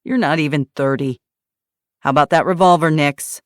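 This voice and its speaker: A woman voicing a gruff male ex-soldier who gives clipped, commanding orders. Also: deep voice, steady tone, normal speed, dry recording, clean studio sound, close to an everyday voice.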